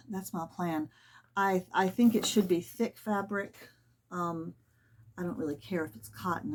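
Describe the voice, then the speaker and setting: A woman's voice: low-pitched, a little hiss or hum. A middle-aged woman chatting casually and rambling a little as she works through a sewing project at home. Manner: chatty, rambling, soft-spoken asides. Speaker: sewing vlogger. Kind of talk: casual chat while sewing.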